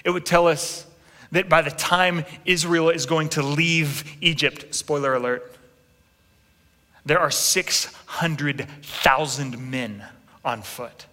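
Animated preacher in a big echoing hall. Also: male voice, on the high side, takes it slowly. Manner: animated storytelling with acted quotes, asides to the congregation. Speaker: pastor. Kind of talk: sermon. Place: large church hall. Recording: long reverb in a big hall.

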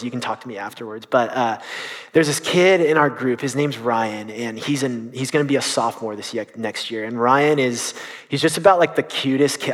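A young man in youth ministry telling a story during a sermon, earnest and halting, with many restarts. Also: medium pitch.

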